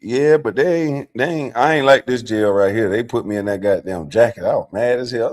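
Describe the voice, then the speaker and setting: A middle-aged man hosting a livestream, telling stories in a casual, profane, animated way, dropping from low mutters to loud outbursts. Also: brisk, hardly any pauses. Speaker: livestream host.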